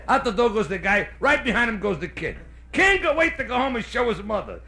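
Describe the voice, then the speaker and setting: A male stand-up comedian with a Brooklyn accent, telling jokes live on a club stage and slipping into quick character voices. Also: sits high, sing-song, vocal fry, fairly bright tone. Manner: brash storyteller doing quick character voices. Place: hotel nightclub stage. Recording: live club recording with faint noise. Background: audience laughter.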